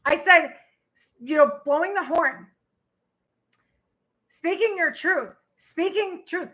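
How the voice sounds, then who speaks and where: High bright lady doing a live tarot reading, gets excited, oh my god a lot. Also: slow, poor audio. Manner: excitable, exclaiming and laughing. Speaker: tarot reader.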